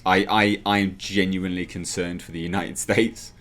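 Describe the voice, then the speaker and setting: A man's voice: sits low, little pitch movement, normal speed, a bit bright. A man ranting in a commentary vlog, sarcastic and exasperated, slipping into mocking voices. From United Kingdom. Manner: sarcastic, exasperated, mocks others in put-on voices. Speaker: commentary vlogger.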